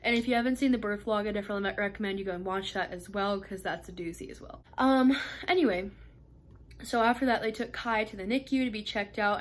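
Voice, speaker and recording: A woman's voice: medium pitch, slight background noise. Young woman chatting to camera, lots of likes and ums, little laughs here and there. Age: 20s. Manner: chatty, many fillers and laughing asides. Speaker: vlogger. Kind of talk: casual storytelling.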